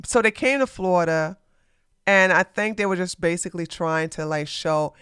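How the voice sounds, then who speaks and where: Streamer commentator, animated, talks back to chat, smooth close voice, faint music behind. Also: mid-range voice, normal speed, no echo. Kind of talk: live stream drama commentary.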